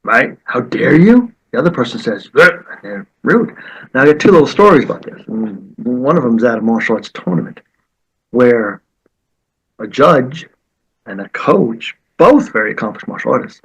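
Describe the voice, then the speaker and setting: A martial arts teacher telling stories in conversation, acting out the quoted voices with lively energy. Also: male voice, medium pitch, normal speed, slightly rough, rough recording. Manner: animated, acts out quoted voices. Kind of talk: storytelling in conversation.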